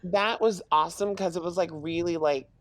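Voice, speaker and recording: A man with a high voice co-hosts a podcast at normal speed, chatting casually and rambling through a recap of a TV episode with many "like" fillers, in a dry recording.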